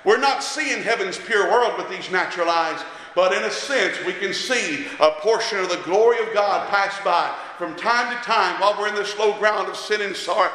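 Man preaching, real high bright voice, gets worked up, big echoey church sound. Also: normal speed, few pauses. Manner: impassioned, rising to shouts. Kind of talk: sermon. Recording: echoey hall with long reverb.

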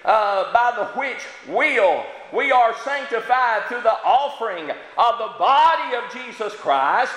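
Male preacher, high and bright, fervent sermon delivery full of amens, recorded in a reverberant church hall. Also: lively intonation. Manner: fervent, punctuated with frequent amens and halting fillers. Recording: echoey hall with long reverb.

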